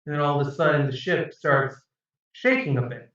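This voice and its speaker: A man's voice: fairly high pitch, big pitch swings, moderate pace, a bit bright, very echoey, far from the mic, muffled recording. A man narrating as game master of a tabletop game, rambling and hesitant with fillers.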